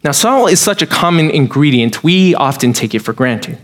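A man's voice: fairly high pitch, very animated, normal speed. A man preaching a sermon as pastor, emphatic, with touches of dry humor.

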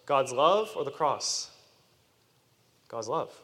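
A man preaching a sermon to children, animated and asking his listeners questions. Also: medium pitch, takes it slowly. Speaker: youth preacher. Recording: long reverb of a hall.

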